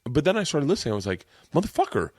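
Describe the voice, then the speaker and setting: A man in his thirties hosts a casual podcast from his home man cave, rambling, swearing, and telling stories in a lively way. His voice is a little high and rapid-fire, recorded dry with studio quality.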